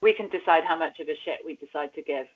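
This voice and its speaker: A woman's voice: deep voice, fast, crowd noise. Chatty woman podcast co-host. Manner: chatty, laughs often, sweary asides. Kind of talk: casual chat about reality TV. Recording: dull lo-fi sound.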